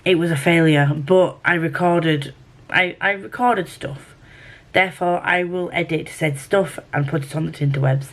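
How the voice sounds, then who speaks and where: A woman's voice: low voice, normal speed. Chatty Yorkshire woman vlogging. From Yorkshire, England. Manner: chatty, rambling, self-correcting with laughs. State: feeling unwell. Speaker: book vlogger. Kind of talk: casual vlog chat.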